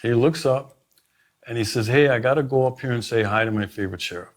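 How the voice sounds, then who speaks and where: A man's voice: mid-range voice, fast. A middle-aged man, a sheriff, telling stories in an emphatic way during a conversation, with many restarts. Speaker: sheriff, guest. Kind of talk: storytelling in a conversation.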